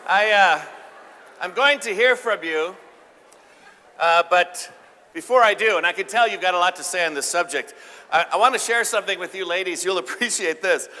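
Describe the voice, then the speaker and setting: A man giving a live keynote talk, playful and joking, getting the audience to shout out answers. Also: high voice, moderate pace. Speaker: keynote speaker. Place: large event hall with audience. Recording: live hall with reverb.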